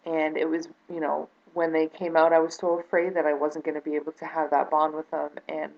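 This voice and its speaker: A woman with a low, deep voice speaks straight to camera in a personal vlog. She talks earnestly and sounds close to tears, hesitating and restarting with plenty of ums. The audio is dull and lo-fi, like an old 2012 webcam. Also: fairly even intonation, fairly quick, gravelly, few pauses. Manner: hesitant, many fillers and restarts. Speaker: vlogger.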